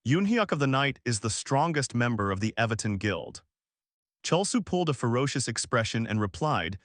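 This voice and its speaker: Lively male story narrator. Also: mid-range voice, normal speed, no room sound, studio quality. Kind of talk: scripted story recap narration.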